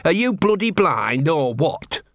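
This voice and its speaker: A man's voice: fairly high pitch, sing-song, a little slow, no room sound, studio quality, voice pushed up. A man voicing a sarcastic, foul-mouthed talking dog in an audiobook. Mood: irritated. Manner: grumbling, sarcastic.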